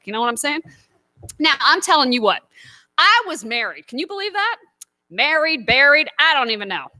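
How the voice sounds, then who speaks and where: A woman's voice: very high voice, pushed and bright, dry recording. A woman doing a stand-up routine, brash and punchy in her delivery. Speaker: stand-up comedian.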